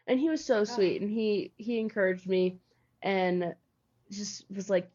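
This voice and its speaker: A woman's voice: medium pitch, fairly quick, darkish tone. Rambling young woman telling her story. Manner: rambling, heavy use of "like". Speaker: guest, founder of a healing practice. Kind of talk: casual storytelling interview. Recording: dull lo-fi audio.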